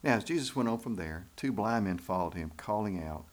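A man's voice: fairly low pitch, animated, brisk. A man preaching a sermon in church, folksy and emphatic, with rhetorical questions to the congregation. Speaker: pastor.

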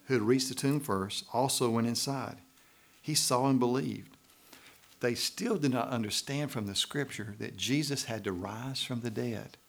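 A male pastor delivering a sermon in a church, his middle-pitched voice carrying a gravelly edge. He preaches with lively swings and loud emphasis, tossing "right?" to the congregation between points.

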